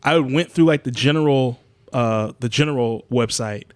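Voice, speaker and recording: A man's voice: normal speed, no room sound. A young man co-hosting a podcast, telling a story in casual chat, swearing and acting out quotes in a raised voice. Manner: animated storytelling, swearing, acts out quotes in a higher voice. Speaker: podcast co-host.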